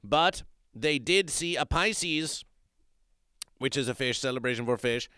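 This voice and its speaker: A man's voice: medium pitch, a little slow, bright, forceful tone, smooth, no room sound, clean studio sound. A man hosting a comedic livestream, reading the chat and talking about himself in the third person in a stilted, grandiose way, often repeating his phrases.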